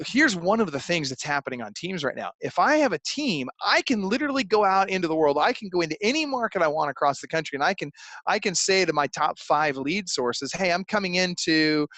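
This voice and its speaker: A man's voice: high voice, very animated, fairly quick, a bit bright, no echo. A man coaching real estate agents in a webinar interview, emphatic and persuasive, with frequent restarts.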